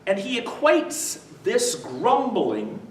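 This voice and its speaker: His voice sits high and swoops wildly in pitch as this visiting New Testament lecturer speaks slowly to a church adult-education group. He tests the live audience with "what?" prompts and chuckles while telling stories, recorded from afar in an echoey room with faint noise.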